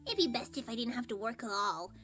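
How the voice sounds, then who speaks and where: A woman's voice: fairly high pitch, expressive, quick pace, a bit bright. A woman voicing a lazy, bored demon underling with a drawling, slightly demonic voice. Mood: bored, grumbling. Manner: drawling, sulky, demonic edge. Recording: game music underneath.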